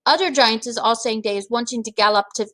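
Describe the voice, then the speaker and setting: A woman voicing a huge, greedy, bullying male giant who booms and shouts insults in a storybook reading. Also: fast, no echo, natural voice. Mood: gloating bully.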